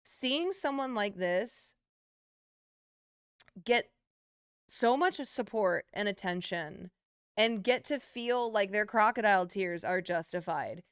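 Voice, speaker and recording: A woman's voice: medium pitch, expressive, takes it slowly, long pauses, clear, resonant tone, no echo, clean studio sound. A woman streamer ranting to her chat in a sarcastic, indignant and profane way. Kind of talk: casual stream rant to chat.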